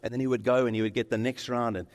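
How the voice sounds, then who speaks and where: A male pastor preaching a sermon, animated, acting out the lines of the people in his story. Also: medium pitch, very fast. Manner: animated, acts out dialogue in quoted voices. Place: church sanctuary. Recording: reverberant church hall.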